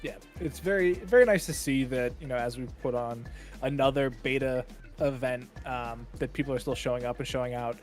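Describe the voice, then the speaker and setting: A man with a mid-range voice gives relaxed, analytical color commentary on a fighting game tournament, filling his sentences with the odd "you know". Faint music plays beneath him. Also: medium pitch, brisk. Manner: relaxed, analytical, many fillers.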